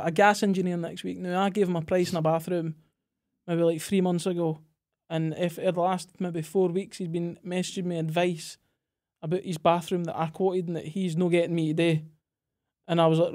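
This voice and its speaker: A young Scottish man chatting casually on a podcast about his trade work, blunt and quick to laugh. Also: high-pitched, a little mellow. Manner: blunt, swears, laughs often. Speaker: tradesman guest.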